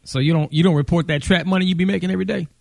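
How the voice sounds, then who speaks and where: A man's voice: high-pitched, fairly even intonation, racing, gravelly, no echo, studio quality. A man hosting a radio morning show, teasing a caller and laughing easily. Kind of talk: comedic radio banter.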